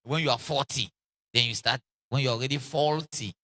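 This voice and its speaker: A man preaching a sermon in an animated way, acting out quoted voices and repeating lines for emphasis, with laughs between lines. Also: mid-range voice, brisk.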